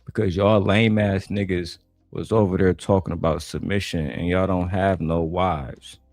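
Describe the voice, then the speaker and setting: A man's voice: low-pitched, steady tone, moderate pace, darkish tone, no echo, clean studio sound, soft background music. A man from Detroit giving blunt, mocking, heavily profane reaction commentary on a panel clip. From Detroit, USA.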